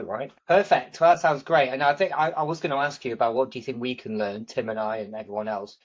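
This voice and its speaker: An upbeat man hosts the interview, affirming the guest's answers before passing the conversation along. His voice comes through muffled and lo-fi. The pitch sits in a middle range. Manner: upbeat, affirming, hands over to others. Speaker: host. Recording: dull lo-fi sound.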